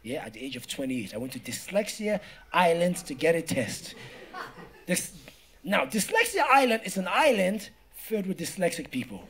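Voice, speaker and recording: A man from Africa doing stand-up comedy, telling a story in an animated way, laughing and swearing, with frequent "right?" asides. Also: sits high, normal speed.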